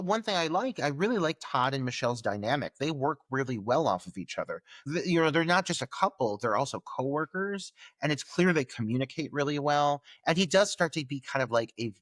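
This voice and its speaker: A man's voice: on the high side, expressive, a little fast, few pauses, fairly bright tone, dry recording. A man co-hosting a film podcast, talking through characters in a loose, analytical way with casual swearing. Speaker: podcast co-host. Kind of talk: casual film review chat.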